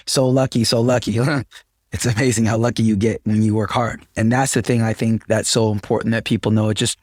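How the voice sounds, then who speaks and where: A man's voice: fairly low pitch, a little mellow, husky, dry recording, studio quality. A man guest on a podcast, preaching sales process with emphatic motivational sayings. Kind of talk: podcast conversation.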